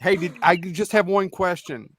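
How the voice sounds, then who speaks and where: A co-host throws crude, teasing jabs into a relaxed group chat. The voice sits at a middle pitch. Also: moderate pace, crowd noise. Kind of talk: casual chat.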